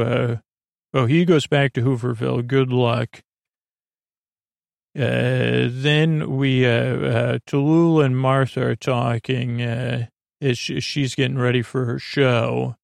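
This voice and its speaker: A man with a gravelly, creaky voice recaps a story for listeners drifting off to sleep. He talks in a halting, rambling way, full of small pauses and fillers, and the sound is close and dry. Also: mid-range voice, no echo. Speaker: podcast host.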